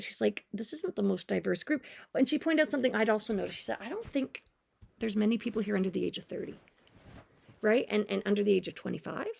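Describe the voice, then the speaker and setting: A woman talks through her notes in a loose, sarcastic, conversational way. Her mid-range voice carries a heavy gravelly fry, and she drops wry self-aware asides as she goes. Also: mid-range voice, darkish tone. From Canada. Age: 40s. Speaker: music teacher and vlogger. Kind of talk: casual commentary on her notes.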